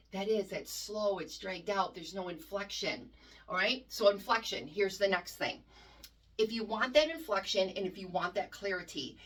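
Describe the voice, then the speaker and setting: A woman's voice: mid-range voice, slightly rough, distant mic. Brief: woman cheer coach, instructional and emphatic, heard a bit away from the mic. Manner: emphatic, demonstrates chants loudly.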